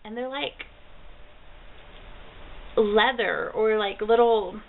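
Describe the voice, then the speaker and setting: A bubbly woman in her thirties shows off gifts in a casual home vlog, gushing and delighted, her voice fairly high and her speech slow and drawn out. The audio is tinny and narrow, like a phone line, from a built-in camera mic with a faint hiss behind her. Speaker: vlogger. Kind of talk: casual mail haul vlog.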